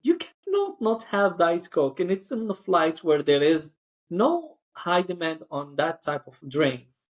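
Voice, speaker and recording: A male cabin crew member tells a story in a chatty podcast style, speaking in a high, sing-song voice at a slightly slow pace. He says "like" frequently and acts out the voices of the people he quotes.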